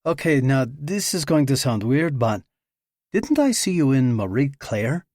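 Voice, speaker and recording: A man voicing an eager, curious young woman agent with a raised, excited tone. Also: medium pitch, a little slow, no echo, clean studio sound, pitched above the performer's own voice.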